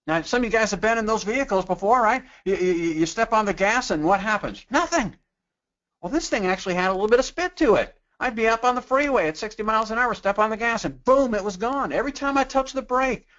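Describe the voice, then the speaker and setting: A man's voice: high voice, fairly bright tone, lo-fi sound. A man giving a sales training webinar in a conversational way, tossing out rhetorical questions and acting out customers in quoted voices.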